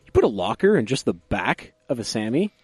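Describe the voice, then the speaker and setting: A man of middle pitch banters on a car podcast, quick with facts and jokes. His delivery is loose and conversational. The sound is dry and close to the mic. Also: sing-song, slightly rough, no room sound. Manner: quick, knowledgeable, joking banter. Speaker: podcast co-host. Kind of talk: casual car podcast chat.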